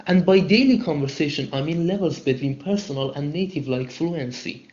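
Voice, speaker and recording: A man's voice: a little high, fairly quick, darkish tone, echoey room, dull audio. A man teaching an English lesson and answering students' calls in an upbeat, chatty way, with lots of fillers. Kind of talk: live lesson and call-in Q&A.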